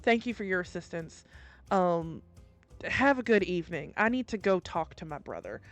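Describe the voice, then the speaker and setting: A woman's voice: on the low side, lively intonation, normal speed, soft background music, lightly acted. A woman voicing a harried male innkeeper who scolds his brother in a stammering, exasperated way. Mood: apologetic. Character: angry harried innkeeper man, older brother.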